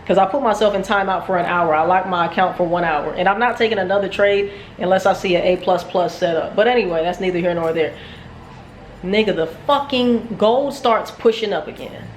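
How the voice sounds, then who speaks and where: Animated, profane woman vlogger in echoey room. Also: fairly low pitch, fairly quick, a little hiss or hum. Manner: profane, animated, self-mocking. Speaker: trading vlogger. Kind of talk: casual storytelling vlog.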